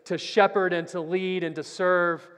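Brief: earnest male preacher, higher voice, church hall with long reverb. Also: little pitch movement, measured pace. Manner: storytelling, earnest, swings from loud to very soft. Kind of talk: Sunday Bible class sermon.

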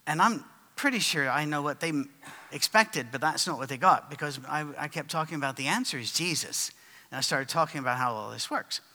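A man's voice: fairly high pitch, lively intonation, brisk, bright, forceful tone, big-room sound. A man preaching and answering written questions from the audience, in a conversational storytelling way with fillers and restarts.

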